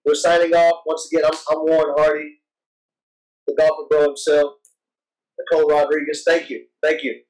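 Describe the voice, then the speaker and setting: A man hosts a podcast in relaxed conversation, eager and tripping over restarts as he talks. His voice sits a little away from the microphone. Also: on the high side, moderate pace, long pauses, recorded from a distance, rough recording. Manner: restarts and stumbles, enthusiastic. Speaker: podcast host. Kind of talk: casual chat.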